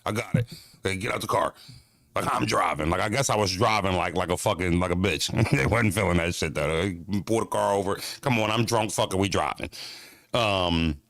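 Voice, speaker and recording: A man from the United States telling a story on his vlog in an animated, profane, streetwise way. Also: low voice, a little fast, no echo, clean studio sound. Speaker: vlogger.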